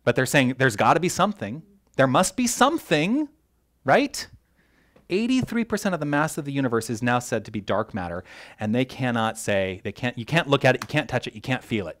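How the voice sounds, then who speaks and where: Animated male minister giving a sermon. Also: mid-range voice, brisk. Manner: animated, self-interrupting, jokes with the congregation. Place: church hall.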